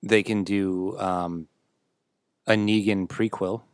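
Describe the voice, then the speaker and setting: A man with a fairly low voice hosting a casual podcast, dry and a bit grumbly in his replies. The recording is close and dry. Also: steady tone, slow pace, clear, resonant tone, no echo. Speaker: podcast host.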